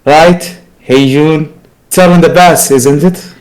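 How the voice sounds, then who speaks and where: A manipulative woman drips with false sweetness, drawing out her words, voiced by a man in a fan reading. The voice sits fairly high and moves slowly. Each line is coated in mock affection. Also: steady tone, crowd noise, rough recording. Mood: fake-sweet. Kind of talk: amateur story reading with roles.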